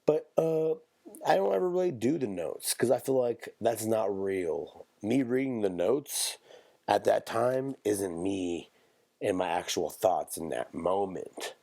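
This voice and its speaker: A man hosts a podcast in a lowish, creaky, warm voice, speaking unhurriedly with no echo. His comedic monologue is rambling, profane and off-the-cuff, and he keeps interrupting himself.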